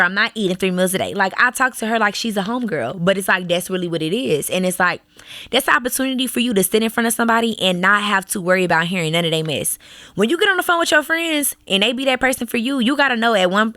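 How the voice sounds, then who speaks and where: A young woman in her twenties co-hosts a casual podcast chat, telling stories in a sassy, animated way. Her voice is bright and forward. The sound is dry and close. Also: mid-range voice, no room sound. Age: 20s. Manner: sassy, animated storytelling with slang. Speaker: podcast co-host. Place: Dallas.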